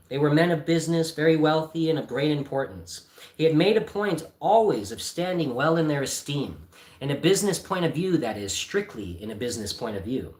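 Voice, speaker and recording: A man reads a classic novel aloud at home for a livestream, breaking off for casual, chatty asides and clearing his throat often. His voice sits a little high, with a roomy echo from the room. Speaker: channel host, reader. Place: home by a Christmas tree.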